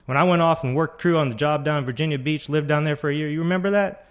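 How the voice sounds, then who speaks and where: A man's voice: a little high, quick pace, dull audio, pitched above the performer's own voice, close to an everyday voice. A man doing a pushy bus driver. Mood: insistent. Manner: pushy, talks over the other man. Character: blunt middle-aged male bus driver, gruff.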